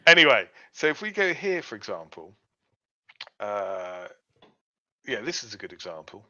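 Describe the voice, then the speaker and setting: On a dull-sounding lo-fi recording, a male podcast co-host chats casually, breaking things down step by step with lots of fillers. His voice is on the low side and sing-song, at normal speed with a sharp tone.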